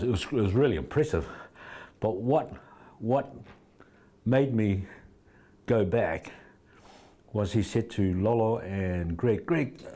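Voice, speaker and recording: Warm and on the low side, the voice belongs to a middle-aged man from New Zealand. He's a fight trainer being interviewed, casually telling anecdotes that ramble and often start over.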